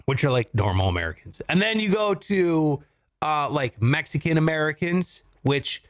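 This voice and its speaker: Animated joking man hosting a podcast. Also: on the high side, normal speed. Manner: animated, laughing, joking rants. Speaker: podcast host. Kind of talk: casual comedy podcast banter. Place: home studio.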